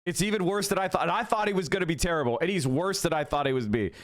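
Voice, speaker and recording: A man's voice: on the high side, racing. A man streaming political talk to his chat, arguing in a blunt, profane and mocking way. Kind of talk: live-stream rant to chat.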